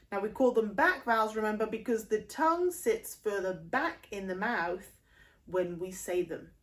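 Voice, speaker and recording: A woman with a northern English accent, teaching singing in a video lesson and patiently explaining vowel shapes with short demonstrations. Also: on the high side. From northern England. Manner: patient, explanatory, breaks into sung vowel demos.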